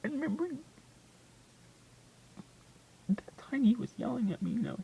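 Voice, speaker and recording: A vlogger telling a painful personal story in a confessional way, often dropping to a hush and then swinging loud. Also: high-pitched, sing-song, very fast, gravelly, a little hiss or hum, low-quality recording. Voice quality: hushed, often whispered delivery. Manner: emotional, swings from hushed to loud.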